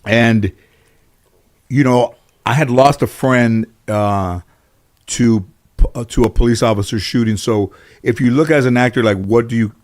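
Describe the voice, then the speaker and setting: A middle-aged American man, a comedian and actor, is a guest in an interview, casually telling long anecdotes. His mid-range voice is a little slow and mellow, and he rambles loosely with plenty of "you know," fillers, and false starts.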